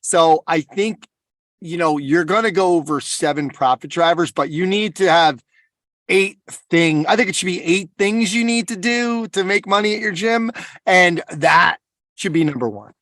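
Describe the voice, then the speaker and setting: Man, high voice, podcast host, casual chat, quick reactions, dry sound. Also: fairly bright tone, dry recording. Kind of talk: casual conversation.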